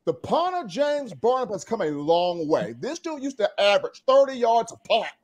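Man, high voice, very lively intonation, playful sports chat. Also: normal speed. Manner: animated and playful. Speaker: sports podcast panelist. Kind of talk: casual sports talk.

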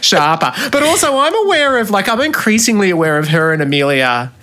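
A woman in casual podcast chat, measured and thoughtful, weighing her words. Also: medium pitch, big pitch swings, a bit bright.

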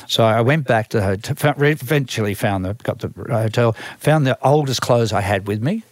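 An older Australian band manager tells long, rambling stories from his career in a casual interview, full of restarts and acted-out quotes. His medium-pitched voice moves briskly with few pauses, and there's no echo.

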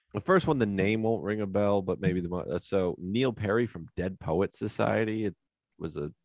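A man co-hosting a podcast, laid-back and joking, now and then shouting out movie lines. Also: lowish voice, dry recording, studio quality. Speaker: podcast co-host. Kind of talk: casual chat.

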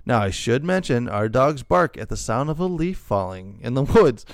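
A man's voice: mid-range voice, very animated, normal speed, dry recording, clean studio sound. A middle-aged man hosting a casual chat, reading posts aloud with joking asides and frequent laughter. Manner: laughs often, jokey asides. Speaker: podcast host reading stories.

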